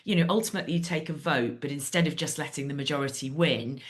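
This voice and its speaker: Woman hosting a podcast, low voice, lots of um and you know. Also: fast. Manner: thoughtful, hedging with many fillers. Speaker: podcast host. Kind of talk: conversational podcast interview.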